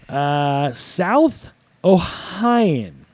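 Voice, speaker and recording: A man's voice: medium pitch, animated, moderate pace, darkish tone, no echo. A man co-hosting a casual podcast, rambling and crude, joking and restarting his sentences. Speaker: podcast co-host.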